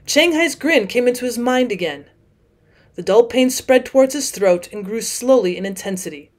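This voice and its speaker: A woman teacher narrating a classic short story as an audiobook in a steady, clear reading voice. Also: a little high, moderate pace.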